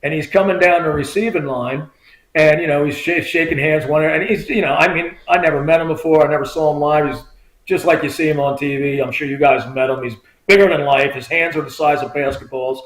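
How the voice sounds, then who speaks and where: A man with a somewhat high voice tells a long story as a guest, animated and chatty, slipping into the voices of the people he quotes. The room gives his voice a noticeable echo. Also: fairly quick. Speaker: guest, former state trooper. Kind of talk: casual storytelling interview.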